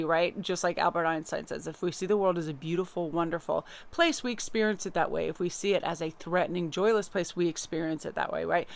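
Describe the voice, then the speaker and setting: A woman tarot reader giving a casual, chatty inspirational talk, telling stories with lots of fillers. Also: fairly low pitch. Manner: chatty, warm storytelling with many fillers.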